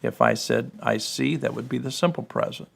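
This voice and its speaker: A man with a gravelly voice explaining Hebrew and Greek grammar in a discussion, full of "you know" and checking "correct?". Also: mid-range voice, a little fast. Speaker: guest explaining biblical languages.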